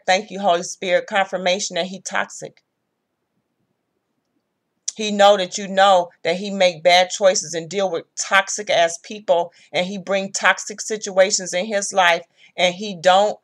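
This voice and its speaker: Blunt, profane woman tarot reader. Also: lowish voice. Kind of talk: casual tarot reading.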